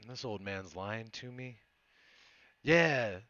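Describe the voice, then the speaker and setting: A man's voice: on the low side, expressive, moderate pace, fairly bright tone, muffled recording. A young man casually commenting on a game he is playing live, joking around and swearing freely. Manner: laid-back, joking, swears, frequent laughs. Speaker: streamer.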